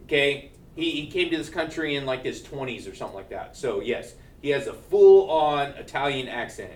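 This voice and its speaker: A man's voice: medium pitch, expressive, normal speed, distant mic. Man teaching math, a bit off-mic. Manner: keeps checking in with "right?", joking asides. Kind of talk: classroom lecture. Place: classroom.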